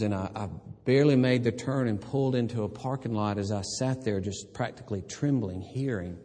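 An older man preaching a sermon, moving from hushed, tender reflection to emphatic, impassioned exhortation. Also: on the low side, big-room sound. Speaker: pastor.

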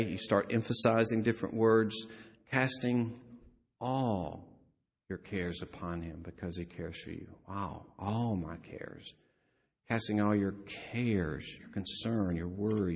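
A man preaching a sermon as a pastor, lively with joking asides and chuckles. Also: mid-range voice, breathy edge. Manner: animated, joking asides with laughs. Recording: long hall reverb.

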